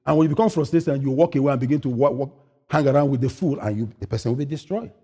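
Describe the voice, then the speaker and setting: A man preaching a sermon as pastor, asking the congregation questions and answering them himself, swinging from loud, high-pitched preaching to quiet asides. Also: rapid-fire, husky.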